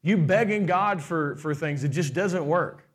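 High-voiced animated male preacher. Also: measured pace. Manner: animated preaching, acts out quoted voices, asks the crowd questions. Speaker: pastor. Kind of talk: sermon.

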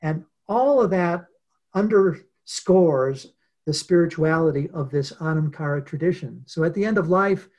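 A man being interviewed as a guest author, telling a story in an earnest, unhurried way with many pauses. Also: fairly high pitch, a little mellow. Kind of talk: reflective storytelling in conversation.

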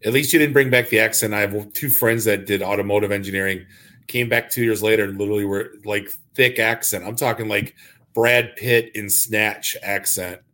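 A man's voice: lowish voice, normal speed. Jokey male podcast host. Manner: jokey, animated storyteller. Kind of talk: casual chat.

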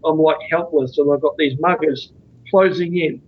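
In a dull lo-fi podcast recording, a man interviewed as the author of work on out-of-body experiences tells a lengthy, rambling, earnest story. His slightly high, slightly rough voice keeps a fairly even intonation at a moderate pace.

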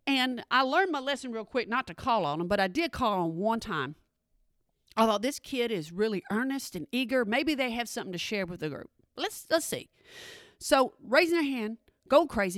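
A woman's voice: on the high side, expressive, moderate pace, fairly bright tone, dry recording. A woman doing stand-up comedy, sassy, with dry asides. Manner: sassy, dry asides, drops into mimicked voices.

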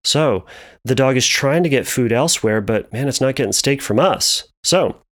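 A man explaining anxiety through a long playful metaphor, animated and repetitive. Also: medium pitch, normal speed. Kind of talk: storytelling metaphor lesson.

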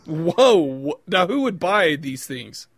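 A man with a fairly high voice jokes and teases his co-host, laughing often. The mic sounds close and dry, with no room around him. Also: big pitch swings, slow pace, no echo. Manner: playful teasing, laughs often, quips. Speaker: podcast co-host. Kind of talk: casual banter.

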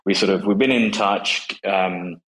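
A man with a very low, deep voice talks casually as a guest about his work. He is in his forties and hesitant, his sentences full of fillers, restarts and repeated words. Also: fairly even intonation, a little slow, a bit bright, poor audio. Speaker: guest, company co-founder. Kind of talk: casual conversation on a live audio space.

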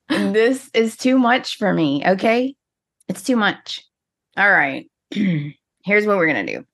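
A woman's voice: mid-range voice, sing-song, slow pace, a bit bright. A woman co-hosting a podcast, chatting casually and venting dramatically with playful energy. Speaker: podcast co-host. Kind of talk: casual chat.

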